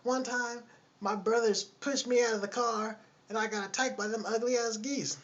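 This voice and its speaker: Casting note: shrill, high, foul-mouthed nagging woman, put on by a man. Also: fairly even intonation, normal speed, highs cut off. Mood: loud, brash. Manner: shrill, scolding, swearing constantly.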